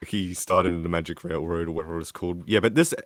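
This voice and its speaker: A man's voice: low voice, fairly even intonation, quick pace, noisy background. A man co-hosting a podcast, talking in a rambling casual way with many restarts and fillers. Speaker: podcast co-host. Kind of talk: casual chat.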